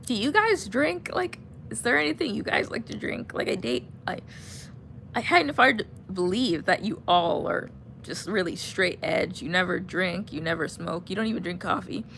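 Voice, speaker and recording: A woman's voice: mid-range voice, animated, moderate pace, creaky, a bit bright, a little hiss or hum. A young woman chatting casually on a livestream, answering viewer comments and drifting, laughing and trailing off mid-sentence. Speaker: vlogger reading viewer comments. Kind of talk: casual rambling livestream chat.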